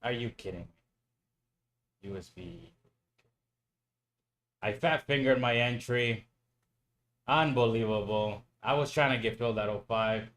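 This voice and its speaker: Bright-voiced exasperated trading streamer, man. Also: medium pitch, unhurried, pauses often. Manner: exasperated, talks to himself, swears, pleads with the market. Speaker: live futures trading streamer. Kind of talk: live trading commentary to viewers.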